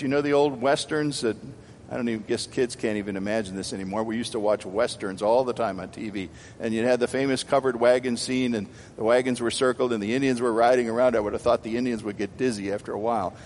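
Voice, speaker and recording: A man's voice: expressive, moderate pace. Emphatic older male preacher in a hall. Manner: emphatic preaching, swinging from loud exhortation to quiet asides. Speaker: pastor. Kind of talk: sermon. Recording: hall reverb with faint room rumble.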